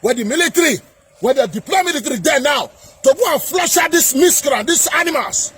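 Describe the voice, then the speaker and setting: A man with a Nigerian accent delivering a heated political rant to camera, repeating himself and often shouting. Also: extremely high pitch, lively intonation, fairly quick. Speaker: political commentator.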